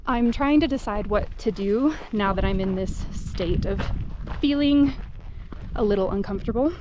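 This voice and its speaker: On a mountain trail, a young woman backpacking solo talks to her camera in a mid-range voice at a moderate pace, with background noise behind her. Her casual vlog narration is chatty and candid, with fillers and self-corrections.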